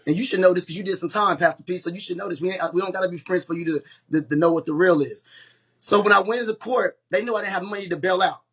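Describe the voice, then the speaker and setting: Man, husky and fairly high voice, live-stream storyteller, heated and profane. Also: fast, fairly bright tone. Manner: heated, profane, emphatic retelling.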